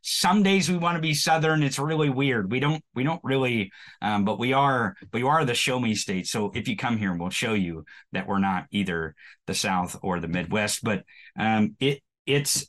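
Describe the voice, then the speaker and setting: A man's voice: mid-range voice, normal speed, fairly bright tone. Folksy man with a rural Missouri accent. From Missouri, USA. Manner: folksy, self-mocking, restarts sentences. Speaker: podcast host, guest. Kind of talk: casual interview chat.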